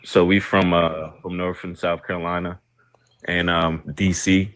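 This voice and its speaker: A man's voice: low-pitched, flat delivery, unhurried, a bit bright. A man from the American East Coast calling in to a livestream, speaking hesitantly with lots of fillers. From East Coast of the United States. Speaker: caller.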